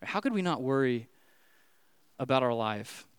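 A man's voice: medium pitch, big pitch swings, a little slow, smooth, dry recording. A man in his thirties giving a sermon as a pastor, telling a personal story in a loose, chatty way with lots of fillers before turning to the scripture passage. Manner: casual storytelling with many fillers, rising animation when retelling scary moments.

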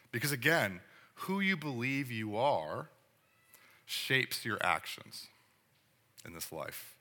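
A man's voice: mid-range voice, pushed and bright, long reverb tail. A man preaching a sermon as pastor, conversational and full of rhetorical questions. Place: church sanctuary.

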